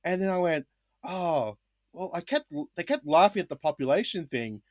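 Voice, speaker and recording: Young aussie guy on a podcast, highish voice, acts out every line of his story, dry close sound. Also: normal speed, no echo. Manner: animated, acts out past dialogue. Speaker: guest, former English teacher. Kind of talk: storytelling in casual podcast chat.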